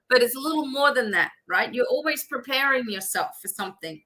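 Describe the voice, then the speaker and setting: Bright-voiced woman giving psychic readings. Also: fairly high pitch, expressive, fairly quick, slight background noise. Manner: chatty, instructive, many fillers. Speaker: psychic reader. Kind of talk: live-stream reading.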